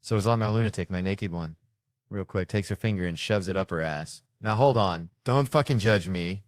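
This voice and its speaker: A man doing stand-up, telling a crude, animated story full of swearing. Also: low-pitched, moderate pace, no room sound, clean studio sound. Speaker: comedian.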